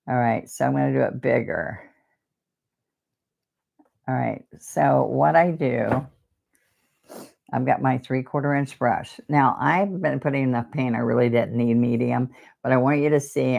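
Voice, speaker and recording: A woman's voice: a bass voice, gravelly, darkish tone. A woman teaching a live painting lesson, chatting and wandering off topic as she demonstrates each brushstroke. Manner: chatty, digressive, talks while demonstrating.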